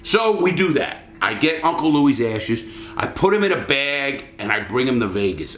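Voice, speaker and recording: Middle-aged man, profane rambling storyteller; roomy room sound, mid-pitched. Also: very animated, normal speed, a bit bright, slight background noise. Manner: rambling, swears freely. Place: hotel suite.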